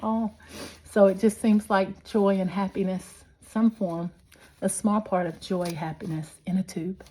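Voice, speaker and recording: A woman's voice: medium pitch, steady tone, measured pace, dark tone, slightly rough. A middle-aged woman, chatting earnestly and rambling to her viewers with lots of fillers. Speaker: vlogger. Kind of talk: casual chat to viewers.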